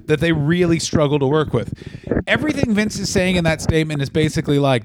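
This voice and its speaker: Animated, crude man riffing on a podcast. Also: on the high side, fast, slight background noise. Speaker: podcast co-host. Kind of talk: casual comedic chat.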